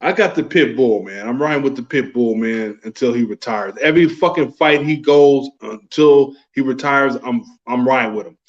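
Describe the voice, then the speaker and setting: A man's voice: medium pitch, normal speed, few pauses, muffled recording. A young adult man co-hosting a casual fight podcast, slangy and profane, calling his partner homie and bro. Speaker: podcast co-host. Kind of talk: casual sports chat.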